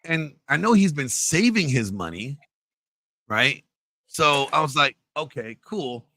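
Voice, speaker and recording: Animated man with a lively voice. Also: a little high, measured pace, no echo. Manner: animated storyteller, acts out quotes loudly. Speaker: podcast co-host telling a story. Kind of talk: casual storytelling chat.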